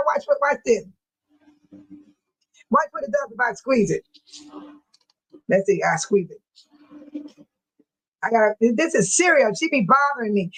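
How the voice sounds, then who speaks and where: A woman's voice: on the high side, low-quality recording. An older woman, a grandmother of seven, hosting a casual livestream, reading viewer comments and laughing often. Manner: laughs often, animated and teasing. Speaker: livestream host.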